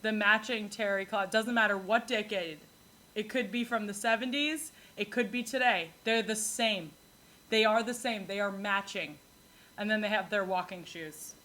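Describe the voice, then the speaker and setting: A woman from New York hosting a podcast, telling comic stories in a rambling, animated way and laughing often. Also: medium pitch, normal speed. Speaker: podcast host. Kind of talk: comedic solo monologue.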